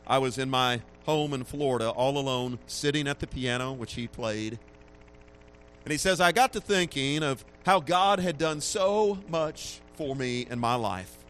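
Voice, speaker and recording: A man's voice: medium pitch, fairly bright tone, slight background noise. Man preaching, rising and dropping in volume. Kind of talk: sermon.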